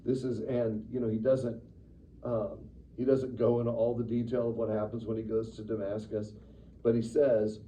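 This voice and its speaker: A man teaching a church Sunday school class in a lively, conversational way, acting out the quotes he reads. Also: mid-range voice, normal speed. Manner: animated, conversational, acts out quotes with sudden loud bursts. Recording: distant, dull room recording with faint noise.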